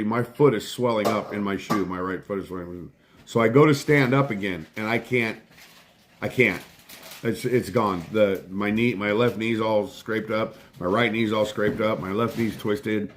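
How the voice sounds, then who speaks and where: A man's voice: lowish voice, moderate pace. A middle-aged man hosting a casual live stream from home, telling a rambling story full of swearing and breaking off to thank viewers. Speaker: livestream host.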